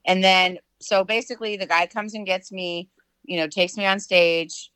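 A middle-aged woman telling a personal story in casual chat, full of fillers and lively quoted voices. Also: mid-range voice, normal speed, clean tone, no echo, low-quality recording. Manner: chatty, filler-heavy, animated quoting.

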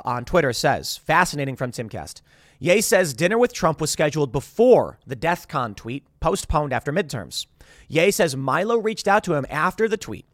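Male podcast host in his thirties, higher voice, close dry sound, rambling with restarts. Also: dry recording. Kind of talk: casual commentary.

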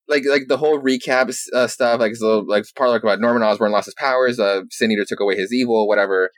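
A man casually recapping a story as a podcast host, rambling with lots of fillers and swearing, telling it with animated energy. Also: medium pitch, fast, hardly any pauses, no echo. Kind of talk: casual chat.

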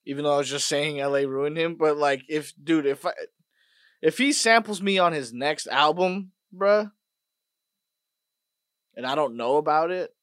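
Man, podcast host, casual profane rant, muttering then loud bursts, higher pitch. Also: normal speed, pauses often, clear, resonant tone, no echo, clean studio sound. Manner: profane, swings between mutters and loud outbursts.

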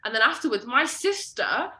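A young woman tells travel stories on a podcast, in an animated and casual way with plenty of filler words. Her voice is bright and forceful. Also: a little high, normal speed. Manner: animated, lots of "like" fillers, jumps into quoted voices. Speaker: podcast co-host. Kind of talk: casual storytelling chat.

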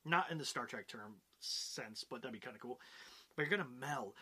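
A man's voice: medium pitch, normal speed, pushed and bright, husky. A man hosting a show about comedy, talking to camera in a chatty, upbeat way with frequent "right?" and "you know" asides. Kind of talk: casual talking-head explainer.

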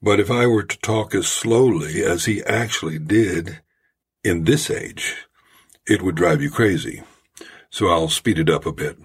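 A man hosting his own storytelling podcast, talking in a measured, folksy way. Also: low-pitched, husky. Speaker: podcast host. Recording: home-made podcast audio.

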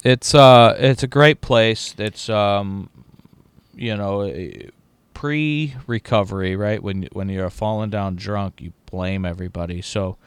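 A man's voice: on the low side, a little slow, clear, resonant tone, no echo. A man co-hosting a podcast in casual chat, swearing freely and telling self-mocking stories. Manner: profane, self-mocking, animated storytelling. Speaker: podcast co-host.

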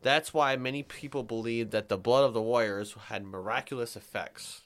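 Male podcast host, mid-pitched voice, casual chat, reads facts with fillers, crude humor. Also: normal speed.

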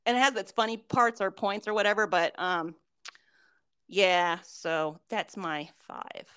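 A woman's voice: medium pitch, a little slow, smooth. A woman co-hosting a casual podcast chat, swearing freely and acting out what friends said. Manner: swears a lot, quotes friends in animated retellings. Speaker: podcast co-host.

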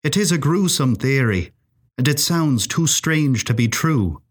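A man's voice: mid-range voice, animated, a little slow, slightly rough, pitched above the performer's own voice. A man voicing a genial, wry male Irish professor with a sing-song Ulster accent. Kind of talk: storytelling acting.

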